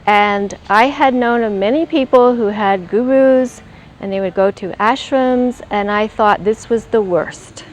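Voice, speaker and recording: A woman's voice: on the high side, unhurried, slight background noise, low-quality recording. An older woman telling a personal spiritual story in an earnest way, acting out her own past thoughts as she goes. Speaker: interviewee.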